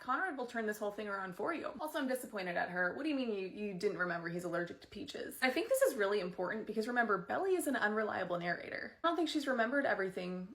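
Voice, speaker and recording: A woman races through her thoughts on a TV episode. She talks quickly and with excitement, sharing strong opinions. Now and then she drops into a whispered aside. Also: medium pitch. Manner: animated, opinionated, gushing, occasional whispered asides. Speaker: fan commentator. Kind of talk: rapid-fire TV episode commentary.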